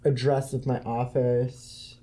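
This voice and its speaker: A man's voice: medium pitch, flat delivery, takes it slowly, dark tone, pitched below the performer's own voice, close to an everyday voice. A man playing a hesitant, fumbling male caller with a put-on accent during a prank phone call, stalling with ums and restarts. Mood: flustered.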